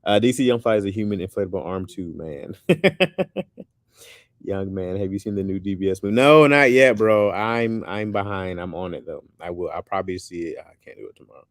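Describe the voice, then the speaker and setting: Low-voiced man, loose casual chat. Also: brisk, dry recording, studio quality. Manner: loose and animated, says "bro" often. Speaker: streamer chatting with viewers.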